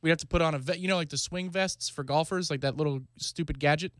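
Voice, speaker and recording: Brief: male radio sidekick from New York, rapid delivery, dry close-miked studio voice. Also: fairly high pitch, no echo. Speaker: radio co-host. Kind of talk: casual sports talk radio banter.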